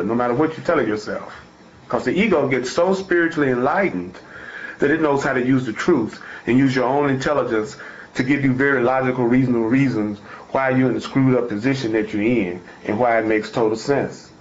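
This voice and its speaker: A man's voice: medium pitch, brisk, slight background noise. A man giving an informal spiritual talk, reading from a text and explaining it with emphatic repetition and folksy phrasing. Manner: emphatic and repetitive, restating each point. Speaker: spiritual teacher. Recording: echoey room, dull lo-fi sound.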